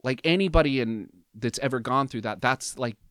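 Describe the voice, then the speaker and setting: A man in his fifties telling a personal story as a podcast guest, animated and emotional, acting out what people said. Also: mid-range voice, moderate pace, no echo, studio quality. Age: 50s. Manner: animated, emotional storyteller who acts out quoted dialogue.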